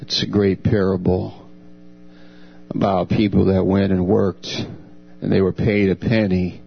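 A man delivers a slow, unhurried sermon in a gravelly voice. He preaches earnestly and acts out divine speech with a lifted tone. The recording is dull and lo-fi, with a mains hum underneath. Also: flat delivery. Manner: earnest, dramatizes God's words with raised pitch.

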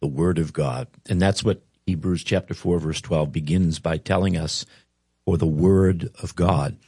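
Male preacher, very low and dark, measured scripture delivery, dry close sound. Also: fairly even intonation, husky, dry recording. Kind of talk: sermon.

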